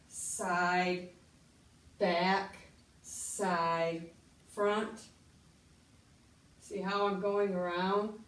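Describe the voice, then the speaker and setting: A middle-aged woman demonstrating an exercise, talking slowly, slightly out of breath as she moves. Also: lowish voice, far from the mic. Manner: slow, instructive, counting out moves. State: getting winded. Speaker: fitness instructor. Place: room while exercising. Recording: echoey room, away from the mic.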